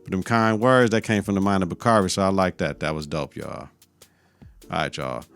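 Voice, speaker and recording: A man's voice: low voice, fairly quick, vocal fry, fairly bright tone, faint music behind. A male podcast host giving a casual, profane recap of a TV episode, laughing often.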